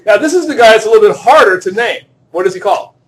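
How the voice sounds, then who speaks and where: A fast-talking male chemistry teacher with a high, expressive voice lectures a classroom. Joking and self-deprecating, he quizzes the students as he goes through problems.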